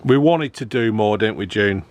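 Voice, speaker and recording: Talking casually to the camera about his camper van build, a man jokes around and fills pauses with plenty of ums and uhs. His voice is fairly low, animated, and moderately paced.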